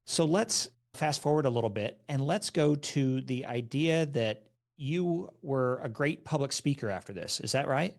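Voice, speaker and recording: A man's voice: mid-range voice, lively intonation, moderate pace, creaky, few pauses, darkish tone. Male podcast host with a mid-range voice who speaks straight to the audience. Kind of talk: interview.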